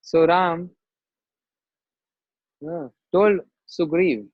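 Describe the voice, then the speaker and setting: A man's voice: a little high, husky, no echo. A man, telling a sacred story as a spiritual teacher and acting out its voices. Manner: slow, acts out the story's voices. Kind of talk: storytelling sermon. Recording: dull, dry lo-fi recording.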